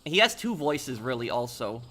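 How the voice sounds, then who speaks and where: A man's voice: medium pitch, sing-song, normal speed, sharp tone. A man streaming a video game, chatting casually and rambling through answers to viewers' questions. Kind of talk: casual live-stream chat while gaming.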